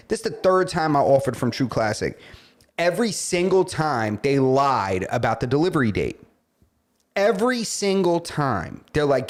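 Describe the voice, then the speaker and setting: A man co-hosting a podcast, telling a story in casual chat and acting out the people in it. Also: a little high. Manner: animated storyteller, acts out quoted voices. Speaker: podcast co-host.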